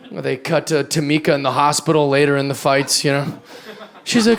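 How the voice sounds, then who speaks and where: A man's voice: high voice, fairly quick, gravelly, a crowd in the background. A man in his thirties doing a stand-up comedy set, with a loose, rambling delivery and acted-out voices, recorded live on a club stage with a handheld mic. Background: audience laughter.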